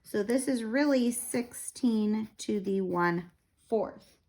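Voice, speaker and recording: A woman, tired and a little out of breath, slowly explaining a math lesson step by step with fillers. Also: on the high side, a little mellow. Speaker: math teacher.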